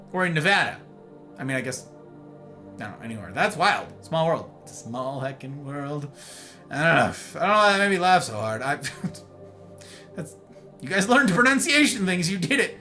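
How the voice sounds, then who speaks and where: Guy streamer goofing around with chat, high bouncy voice all over the place. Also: sing-song, moderate pace, bright, forceful tone, faint music behind. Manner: chatty, teasing, greets viewers by name. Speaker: live streamer. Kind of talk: casual chat with stream viewers.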